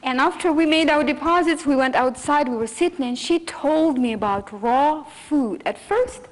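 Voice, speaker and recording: A middle-aged woman from Russia with a Russian accent, telling a story in a lecture and acting out the dialogue with lively energy. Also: high voice, brisk, low-quality recording. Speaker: speaker.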